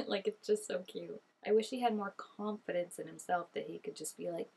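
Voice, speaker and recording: A woman's voice: on the low side, moderate pace, creaky, darkish tone, husky. A young woman giving casual reaction commentary, chatty and gushing with lots of "like" fillers. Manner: chatty and gushing, many "like" fillers, laughs often. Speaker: reaction video host.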